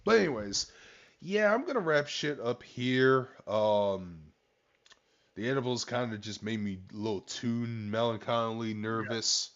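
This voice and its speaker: A man's voice: mid-range voice, expressive, a little slow, a bit bright. A man co-hosting a podcast, chatting casually and rambling with loose profanity. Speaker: podcast co-host. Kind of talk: casual chat. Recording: dull lo-fi sound.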